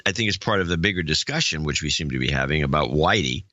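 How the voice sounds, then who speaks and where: A man's voice: a bass voice, animated, fast, pushed and bright, dry recording, muffled recording. A man co-hosting a podcast, chatting casually in a blunt, dismissive way. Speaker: podcast co-host. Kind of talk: casual chat.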